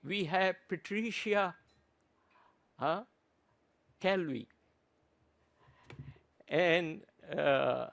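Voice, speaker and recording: A man gives an earnest conference presentation at an unhurried pace. His voice sits high and swings widely in pitch. He stops and restarts his phrases often. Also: creaky, a bit bright. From Pakistan. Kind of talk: conference talk.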